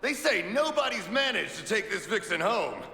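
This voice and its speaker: A man's voice: high-pitched, very animated, normal speed, creaky, bright, forceful tone, reverberant, long reverb tail, heavily acted. An actor playing a flamboyant male nightclub announcer who draws out his words in a showy way.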